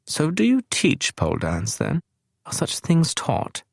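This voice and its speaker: A man putting on a flamboyant English woman of about forty, speaking with a posh English accent. She is breezy and teasing, her voice lifted well above a low male register, and the audiobook recording is close and dry. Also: huge pitch swings, unhurried, gravelly, slightly rough, no room sound, heavily acted.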